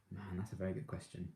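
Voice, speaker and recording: A deep-voiced man hosts a relaxed live stream, chatting with viewers and getting excitable as a fan. He laughs often between comments. The sound carries a roomy echo. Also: a little hiss or hum. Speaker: live streamer reading chat. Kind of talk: casual live-stream chat.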